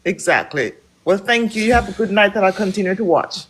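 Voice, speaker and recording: A man's voice: high voice, lively intonation, brisk, fairly bright tone, a little hiss or hum. A man in his sixties calling into a live podcast, venting heatedly and restarting his phrases. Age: 60s. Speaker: caller. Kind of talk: casual ranting call-in.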